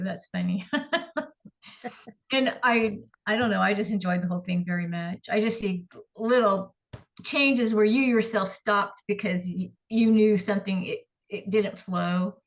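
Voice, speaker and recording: Student woman on a video call giving nice feedback, bit hesitant, mid voice. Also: medium pitch. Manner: warm, hesitant, restarting. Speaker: writing student.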